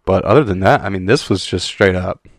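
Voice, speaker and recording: A man's voice: low-pitched, fairly quick, dry recording. A man co-hosting a podcast in casual chat, chatty and amused, laughing often. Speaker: podcast co-host.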